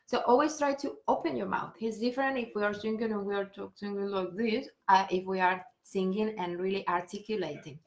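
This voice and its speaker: A woman singing teacher gently guiding a vocal warm-up, step by step, with breathing cues and sung vowels. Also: medium pitch, fairly even intonation, fairly quick, few pauses, roomy sound. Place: home room on a live stream.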